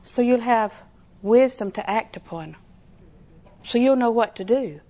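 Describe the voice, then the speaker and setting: A woman's voice: a little high, unhurried, dark tone. A middle-aged woman, preaching a sermon in a folksy, storytelling way with lots of repetition.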